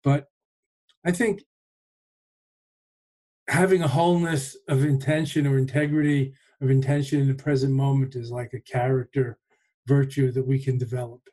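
Mellow-voiced man musing unhurriedly. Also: mid-range voice, level tone. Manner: thoughtful, unhurried, with pauses and restarts. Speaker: podcast host and meditation teacher. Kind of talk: reflective conversational talk.

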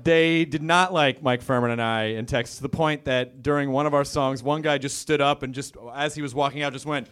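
A man's voice: mid-range voice, steady tone, fairly quick, hardly any pauses, a bit bright, smooth. A man hosting a stand-up showcase on a club stage, rambling and self-deprecating as he introduces the next act. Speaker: comedy show host. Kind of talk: stand-up emcee.

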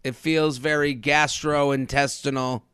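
A man hosting a casual comedy podcast, joking and rambling with quick restarts. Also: mid-range voice, level tone, a bit bright, smooth, no echo, studio quality. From United States. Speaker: podcast host.

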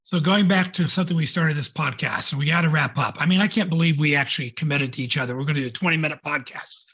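A man's voice: on the high side, quick pace, pushed and bright, breathy edge. A man co-hosting a business podcast, upbeat and enthusiastic as he asks and wraps up. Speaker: podcast co-host.

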